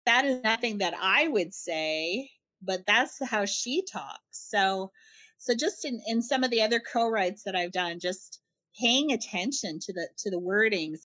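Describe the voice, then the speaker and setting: A middle-aged woman from Canada, a writer being interviewed, talking in a chatty, animated way with frequent laughs and restarted phrases. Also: mid-range voice, a little slow. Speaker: guest, writer. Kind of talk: conversational interview answers.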